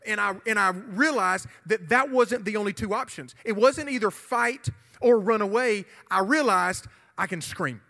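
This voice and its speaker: A man preaches to a youth group, his bright, fairly high voice carried by a long hall reverb. He tells stories animatedly and breaks into loud shouts. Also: moderate pace, gravelly. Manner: animated, shouting during the retold confrontation. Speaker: youth pastor. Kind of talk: sermon with storytelling.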